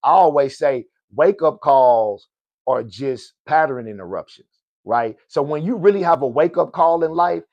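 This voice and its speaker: A man's voice: fairly high pitch, no room sound. A middle-aged man hosting a podcast, giving a motivational personal talk in a preachy way, often asking "right?" and calling out to his listeners. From Oklahoma, US. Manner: preachy, repeats "good people" and "right?". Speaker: podcast host.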